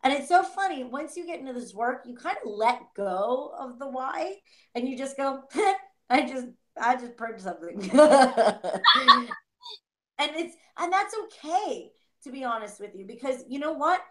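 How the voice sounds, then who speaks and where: A woman co-hosting a tarot reading in a lively, casual way, slipping into playful inner voices as she talks. Her voice sits a little high. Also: normal speed. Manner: animated, acts out inner voices, laughs often. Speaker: tarot reader co-host. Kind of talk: casual spiritual reading chat.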